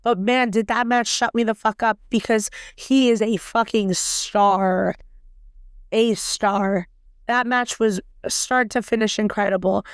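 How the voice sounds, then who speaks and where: A woman hosting a casual solo podcast, talking bluntly and heatedly with a raspy voice and plenty of swearing. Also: a little high, fairly even intonation, moderate pace, few pauses, no echo, studio quality. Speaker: podcast host.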